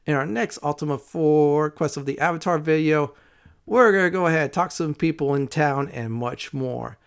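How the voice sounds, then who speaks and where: A man's voice: fairly high pitch, moderate pace, creaky, clean tone. A man hosting a casual let's play video, rambling through his gameplay commentary with frequent "uh" fillers.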